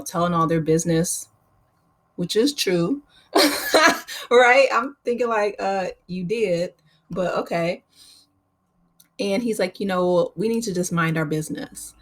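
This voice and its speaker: A woman with a somewhat low voice talks through a reality show episode in a loose, conversational way. She is opinionated and chatty, and she peppers her talk with fillers like "you know.". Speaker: YouTube reality TV recap host. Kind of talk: casual recap commentary.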